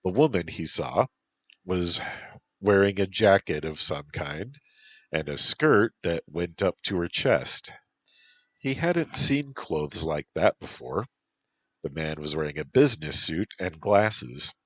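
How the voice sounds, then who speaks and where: A man calmly narrating a story as an audiobook. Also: low voice, slow, no echo.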